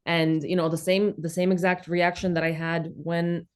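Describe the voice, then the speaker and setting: A woman in her thirties with a New York accent, originally from the former Soviet Union, chatting as an interview guest in an animated, emphatic, blunt way. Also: fairly low pitch, normal speed, clean tone. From former Soviet Union, raised in New York City. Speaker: guest, comedian and content creator. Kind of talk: casual interview chat.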